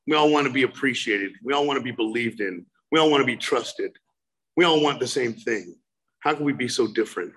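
Animated man telling his recovery story. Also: medium pitch. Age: 40s. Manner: animated storyteller, swings into loud exasperated outbursts. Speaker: speaker sharing recovery story. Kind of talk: recovery talk, personal story.

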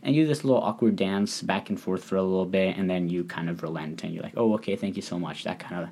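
A man with a lowish voice talks through his solo podcast in a loose, rambling way, stopping and restarting often. A recent cold leaves his voice a little hoarse and scratchy. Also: steady tone, quick pace, darkish tone. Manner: rambling, hesitant, many fillers and restarts. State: recovering from a cold, slightly hoarse. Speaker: podcast host. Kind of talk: casual solo podcast talk. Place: living in Japan.

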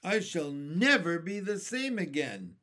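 A fretful earthworm grumbles in a gloomy, drawn-out storybook voice, as a man reads him aloud. The tone is slow, with pitch that swoops from line to line. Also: big pitch swings, bright, forceful tone, full character voice. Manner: gloomy and complaining. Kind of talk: reading a children's book aloud.

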